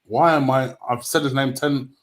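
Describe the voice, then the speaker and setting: A man's voice: medium pitch, fairly even intonation, moderate pace, slight background noise. A man co-hosting a football livestream, reading out donations and tripping over names. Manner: stumbling over names, self-mocking. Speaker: livestream co-host. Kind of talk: casual chat, reading out donations.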